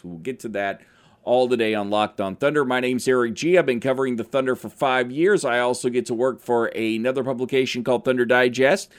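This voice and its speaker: A man hosting a daily sports podcast from a radio station studio, rambling and self-deprecating, with a tone that can sound serious, almost angry. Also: medium pitch. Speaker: podcast host. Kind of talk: casual sports podcast talk.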